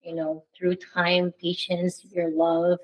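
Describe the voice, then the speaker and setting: A woman guest on a radio talk show, speaking softly and from the heart about her family business. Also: on the low side, completely flat delivery, takes it slowly, poor audio. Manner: soft, heartfelt. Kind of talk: radio interview.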